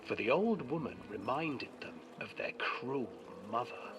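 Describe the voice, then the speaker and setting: A voice narrating a dark fairy tale on a horror game's ride, hushed and dramatic, often dropping into a whisper. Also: medium pitch, animated, unhurried, close to an everyday voice. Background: game music.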